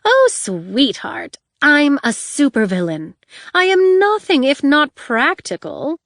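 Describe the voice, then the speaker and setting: A woman's voice: high voice, wildly swooping pitch, a bit bright, no echo, pitched above the performer's own voice, exaggerated voice. A woman voicing a flamboyant, vain female supervillain who talks in a theatrical drawl. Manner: drawling, theatrical, drawn-out words.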